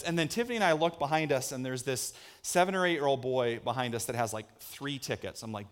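A male pastor preaching a sermon, telling a lively personal story and acting out the voices in it. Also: quick pace, hardly any pauses, clean tone. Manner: animated storyteller, acts out voices with big pitch jumps. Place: church hall with a screen.

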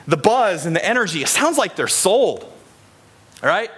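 Midwestern male pastor, conversational sermon, high-ish voice, keeps asking the crowd questions. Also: sing-song, a little slow, a bit bright, breathy edge. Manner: chatty, asks the congregation questions. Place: church in Des Moines, Iowa.

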